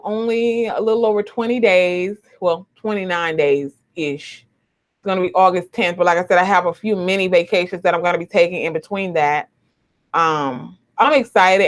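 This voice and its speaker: A young adult woman, chatting emotionally to viewers on a live stream from home, repeating herself, recorded on a webcam or phone. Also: mid-range voice. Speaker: YouTuber. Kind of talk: casual live stream chat.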